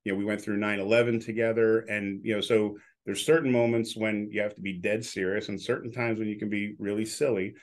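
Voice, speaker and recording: A man's voice: on the low side, fairly even intonation, brisk, hardly any pauses. A man in his sixties, an announcer and business owner, telling stories in a casual interview and acting out the people he quotes. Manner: outspoken, acts out quoted dialogue.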